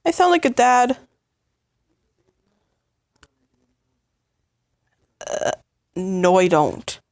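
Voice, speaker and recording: A woman voicing an upset young partner in a fight with the listener, stammering and halting in emotional outbursts. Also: medium pitch, sing-song, a little mellow, dry recording, clean studio sound. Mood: annoyed. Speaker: voice actor in a listener role-play. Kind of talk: listener role-play audio drama.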